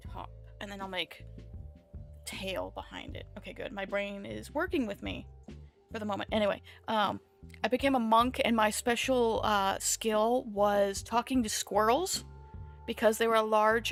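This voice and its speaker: A woman's voice: mid-range voice, steady tone, normal speed, gravelly. A woman streamer chatting casually while she draws, rambling and self-amused, jumping between tangents. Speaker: VTuber streamer. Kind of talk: casual art-stream chat. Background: soft background music.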